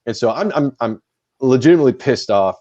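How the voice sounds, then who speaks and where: A man's voice: mid-range voice, lively intonation, fairly quick, dark tone, dry recording, highs cut off. A man co-hosting a podcast in casual chat, talking bluntly and swearing freely. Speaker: podcast co-host.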